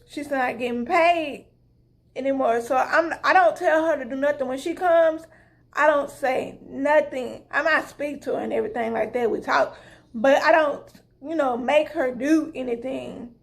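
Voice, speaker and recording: A woman's voice: sits high, normal speed, gravelly. A young woman, telling her viewers a story in a vlog and acting out both sides of a conversation. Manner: animated, retelling conversations with lots of "I was like". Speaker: vlogger.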